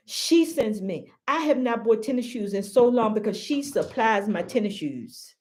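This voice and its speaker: A woman's voice: on the high side, a little mellow. Heartfelt woman hosting a live stream. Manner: emphatic, repeats phrases, calls viewers baby and y'all; heartfelt, grateful. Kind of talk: casual live-stream talk to viewers.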